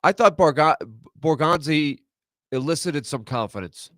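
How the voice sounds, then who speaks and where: A man co-hosting sports talk radio with a stuffy, nasal voice, talking in a halting way with many fillers. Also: a little high, fairly bright tone, no echo, studio quality. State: congested. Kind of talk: radio talk show discussion.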